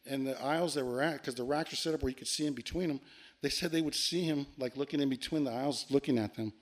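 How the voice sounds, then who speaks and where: A man telling a long ghost story on a podcast, animated and profane, acting out the lines he quotes. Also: mid-range voice, fast talker. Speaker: podcast guest. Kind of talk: casual storytelling.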